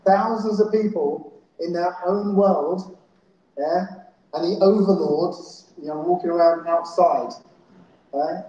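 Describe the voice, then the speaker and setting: A man's voice: high voice, takes it slowly, dark tone, dull audio. A man giving a talk at a festival, often checking in with the crowd with "yeah?" and "right?". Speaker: conference speaker. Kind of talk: live talk to an audience. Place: festival hall. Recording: very echoey hall.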